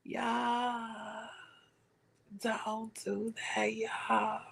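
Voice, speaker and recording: A woman putting on another woman's voice in a whispered role-play, pleading for her friend in a soft, drawn-out, mocking tone. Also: fairly high pitch, monotone, creaky, slight background noise, exaggerated voice.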